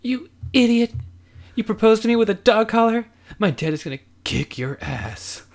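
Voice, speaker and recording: A man's voice: high-pitched, big pitch swings, normal speed, pitched above the performer's own voice. A man voicing an exasperated young girlfriend who stammers when flustered. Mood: incredulous.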